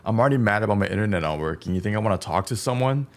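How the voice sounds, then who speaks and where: A man's voice: on the low side, lively intonation, very fast. A young man streaming as he cooks, chatting casually, swearing bluntly and humming little tunes between stories. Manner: blunt, swears freely, hums and sings between lines. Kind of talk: casual cooking stream chat.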